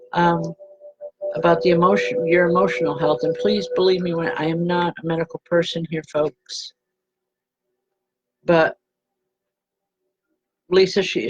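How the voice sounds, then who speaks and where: Halting woman medium giving spirit readings. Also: on the low side, muffled recording. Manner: gentle, halting, addresses viewers by name. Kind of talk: live-streamed spirit readings for viewers.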